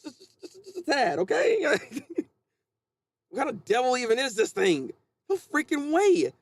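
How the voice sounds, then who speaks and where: A man hosting a casual live manga reaction, chatty and animated, often restarting his sentences. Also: very high voice, a little slow.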